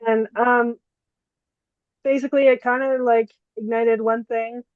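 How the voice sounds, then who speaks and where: A woman with a fairly high voice hosts a podcast interview, asking questions in a casual, filler-heavy way. Her audio is dull and completely dry. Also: flat delivery, measured pace, dry recording. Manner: casual, uses many fillers. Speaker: podcast host.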